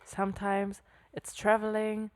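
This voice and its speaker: A woman's voice: medium pitch, completely flat delivery, unhurried. A young woman with German as her first language, co-hosting a casual podcast chat in English and often searching for words. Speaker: podcast co-host.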